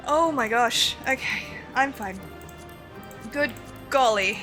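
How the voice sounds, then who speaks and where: A woman streaming a video game, chatting to her viewers, excitable and swearing often, with frequent laughs. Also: a little high, very slow, pauses often, faint music behind, poor audio. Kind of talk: live-stream chat while gaming.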